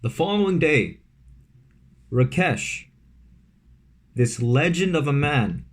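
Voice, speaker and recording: A young male vlogger from Vancouver, Canada, tells a casual storytime from his room at home, full of fillers and asides. His voice sits fairly high and is very animated, and he takes his time.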